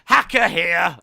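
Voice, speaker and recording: A man putting on a loud, exaggerated Cockney accent as a cheeky male hacker. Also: high voice, vocal fry, heavily acted. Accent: put-on Cockney. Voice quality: shouty and exaggerated.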